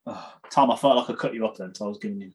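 A man's voice: on the low side, racing, a little mellow. Playful male podcast host. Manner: playful questions, laughs. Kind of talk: casual interview chat.

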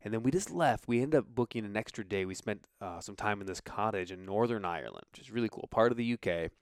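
A man's voice: on the low side, animated, quick pace, smooth, no room sound. A man hosting a podcast, talking casually and upbeat, rambling with fillers into a close mic. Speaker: podcast host.

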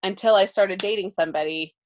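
A woman co-hosting a podcast in casual chat, warm and gushing, quick to agree. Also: mid-range voice. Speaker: podcast co-host.

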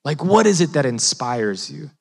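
A man's voice: on the high side, very animated, normal speed, creaky, breathy edge, big-room sound. A man preaching a sermon as pastor, conversational with emphatic rising peaks and frequent restarts.

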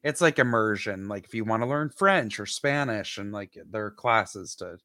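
A woman guesting on a podcast in casual chat, enthusiastic and quick to agree. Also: very deep voice, fairly bright tone, no room sound, studio quality.

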